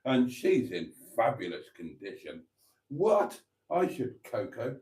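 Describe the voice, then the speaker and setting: Middle-aged guy hosting a live chat, keeps cracking up laughing, slow easy talk, soft mellow voice. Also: mid-range voice, sing-song. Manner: giggly, keeps breaking into laughter. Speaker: livestream host reading viewer chat.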